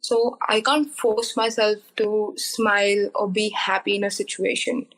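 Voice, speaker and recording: A young woman talks on a podcast in a candid, earnest way, leaning on fillers as she goes. Her pitch is mid-height and stays fairly flat, with little rise and fall. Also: unhurried, rough recording. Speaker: guest. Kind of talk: podcast interview.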